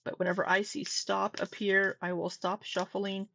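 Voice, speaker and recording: A woman's voice: mid-range voice, level tone, moderate pace, creaky, sharp tone, a little hiss or hum. A woman hosting a casual livestream, talking candidly, swearing now and then and getting exasperated. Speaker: livestream commentary host.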